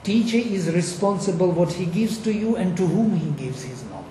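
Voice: medium pitch, animated, normal speed, mellow. A speaker explaining ancient recitation on a discussion panel, emphatic and fond of rhetorical questions. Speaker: lecturer on Vedic recitation. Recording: echoey room, faint noise.

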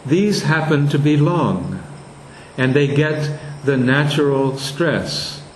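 A man teaching a lesson on verse meter, slowly sounding out and repeating words to show where the stress falls. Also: fairly high pitch, echoey room, slight background noise, rough recording.

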